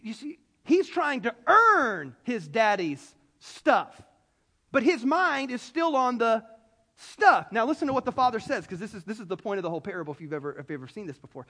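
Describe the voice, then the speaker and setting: A man preaching a sermon to a congregation, animated and conversational, with frequent restarts. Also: very high voice. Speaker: pastor. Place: church in front of a congregation.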